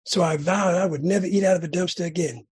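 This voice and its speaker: A middle-aged man from California sharing his recovery story at a meeting, telling it dramatically with sudden loud bursts and rhythmic repetition. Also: high-pitched, steady tone, fast, husky. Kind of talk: personal recovery testimony.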